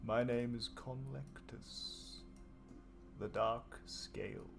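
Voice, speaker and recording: Ancient seductive dark being, as a man puts him on, slow coaxing delivery, gravelly tone, faint music behind. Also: mid-range voice, steady tone. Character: ancient male dark scaled entity, seductive.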